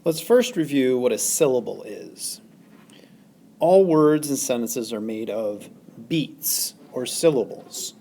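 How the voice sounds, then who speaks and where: A male teacher giving a recorded lesson, speaking deliberately and exaggerating stressed syllables. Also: medium pitch, lively intonation, gravelly, mellow. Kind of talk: recorded classroom lesson narration.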